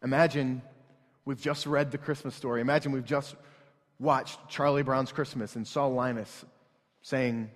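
A man's voice: medium pitch, fairly even intonation, normal speed. A man in his thirties preaching a sermon in a church, telling a story in an earnest, conversational way. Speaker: pastor. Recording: long hall reverb.

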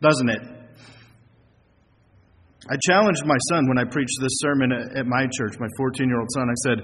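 A man's voice: mid-range voice, steady tone, a bit bright, breathy edge. Preaching man in an echoing hall. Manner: earnest, preaching with rhetorical questions and slow emphasis. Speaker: pastor. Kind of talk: sermon. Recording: long hall reverb, faint noise.

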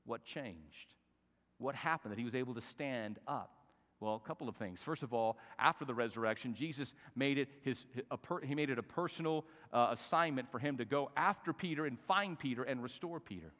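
A pastor delivers a sermon, moving from gentle, conversational speech into loud, shouted stretches and having the congregation repeat phrases after him. His voice is medium in pitch, expressive and fairly fast, with a long reverb tail.

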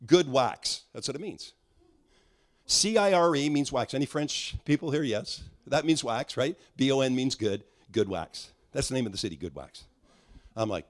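Animated middle-aged male preacher. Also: medium pitch. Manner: animated, acts out dialogue, restarts often. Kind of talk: sermon storytelling.

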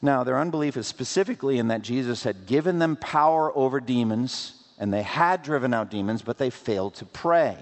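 A man preaching a sermon in an animated way, using rhetorical questions and playful asides. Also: medium pitch. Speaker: pastor. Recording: long hall reverb.

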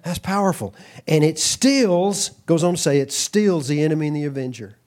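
A middle-aged man from Texas preaching a sermon, animated and lively, often breaking into asides and acting out quoted voices. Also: fairly high pitch, normal speed.

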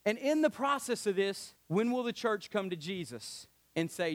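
A man preaching a sermon as pastor, swinging between hushed and loud delivery and laughing often as he speaks. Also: high-pitched, moderate pace.

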